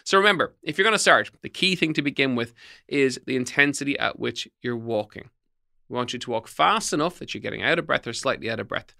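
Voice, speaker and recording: A man's voice: medium pitch, lively intonation, fast talker, creaky, pushed and bright. A middle-aged man hosting a fitness podcast, giving tips in an emphatic coaching tone. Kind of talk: solo podcast talk, tips.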